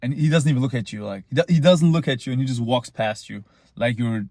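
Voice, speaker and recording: A man's voice: mid-range voice, quick pace, darkish tone, no room sound, studio quality. Boastful young man, rambling. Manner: boastful, rambling, tongue-in-cheek self-praise. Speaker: vlogger. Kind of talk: casual monologue.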